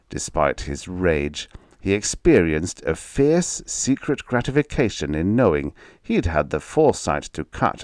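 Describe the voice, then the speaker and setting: A man reads a horror story aloud with a measured, steady delivery. His voice is deep, and the recording is dry and close. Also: dry recording. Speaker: audiobook narrator. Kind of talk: scripted narration.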